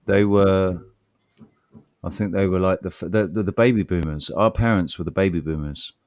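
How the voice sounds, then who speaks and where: A man's voice: sits low, moderate pace, darkish tone, no echo. A man co-hosting a podcast in casual chat, rambling, repeating words and swearing freely. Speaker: podcast co-host.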